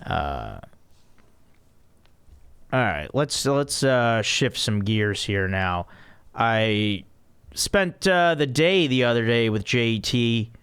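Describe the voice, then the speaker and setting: Smooth-voiced man hosting a chat podcast. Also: medium pitch, very animated, slow pace, pauses often, a bit bright. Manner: rambling storyteller with many restarts and laughs. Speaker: podcast host.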